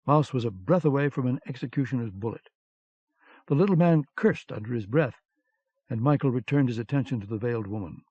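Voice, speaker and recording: A man reading an audiobook in a measured, even narration, recorded on dull lo-fi cassette. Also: medium pitch, slightly rough, no echo.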